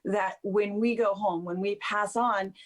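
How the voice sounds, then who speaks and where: A woman's voice: mid-range voice, fairly even intonation, measured pace. A woman guest on a talk show, speaking in an earnest, heartfelt way about animals. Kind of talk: casual talk show chat.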